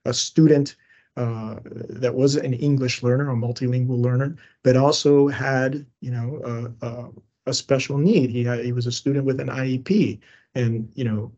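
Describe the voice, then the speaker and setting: A middle-aged Cuban educator, appearing as a guest on a podcast, talks earnestly in a conversational interview and grows emphatic when making a point. His mid-range, dark voice moves at normal speed with fairly even intonation, and the recording sounds muffled.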